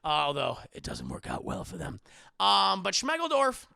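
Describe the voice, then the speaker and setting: High, gravelly, lively man recapping a film. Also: normal speed, dry recording, clean studio sound. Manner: animated, profane, acts out characters in put-on voices. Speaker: movie reviewer on a live stream. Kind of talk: casual livestream movie recap.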